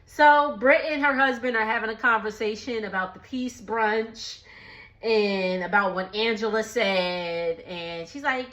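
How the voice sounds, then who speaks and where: A woman's voice: mid-range voice, unhurried, a bit bright. A young woman casually recapping a TV episode from her kitchen, chatty and laughing often, with slangy speech. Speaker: recap vlogger. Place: home kitchen dining area.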